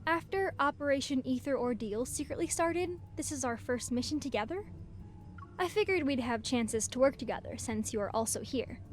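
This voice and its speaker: A chatty young tech specialist with a high, friendly voice. Faint music runs behind her. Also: animated, normal speed. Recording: game audio with music behind.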